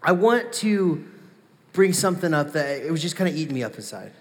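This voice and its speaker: A man's voice: on the high side, very animated, fairly quick, long reverb tail. A man acting in a comedy skit, awkwardly stammering as he raises a problem with a friend. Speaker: skit actor.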